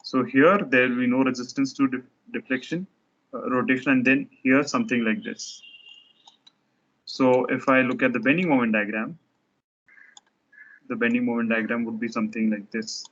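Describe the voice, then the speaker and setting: A man's voice: mid-range voice, fairly even intonation, moderate pace, pauses often, fairly bright tone, dull audio. A man teaching a structures lecture, explaining step by step while he sketches diagrams, often restarting his sentences.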